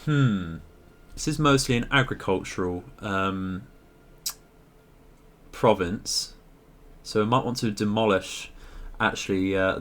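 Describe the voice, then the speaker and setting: Guy, lowish voice, calm polite game commentary, lots of ums and uhs. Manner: polite, measured, with frequent fillers. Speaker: gaming video host.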